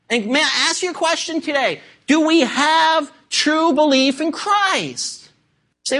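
A man's voice: extremely high pitch, animated, normal speed, pushed and bright. A man preaching a sermon, emphatic and full of rhetorical questions, asking the congregation to turn to scripture. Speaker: pastor.

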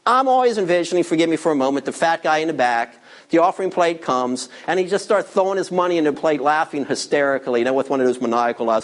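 High-voiced emphatic preaching man. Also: big pitch swings, fast. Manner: emphatic preaching, swinging between loud and hushed; conversational, teasing asides to the congregation. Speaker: pastor. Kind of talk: sermon.

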